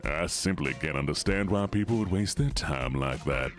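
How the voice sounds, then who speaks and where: A man voicing a gruff, stubborn older sushi chef from a video game, talking slowly and dismissively. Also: a bass voice, animated, soft background music, voice pushed down. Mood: grumpy.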